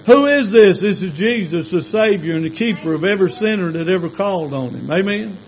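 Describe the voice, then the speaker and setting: A man's voice: high voice, fairly quick, soft background music, rough recording. A man preaching a sermon with fervent rhetorical questions and repeated calls of amen.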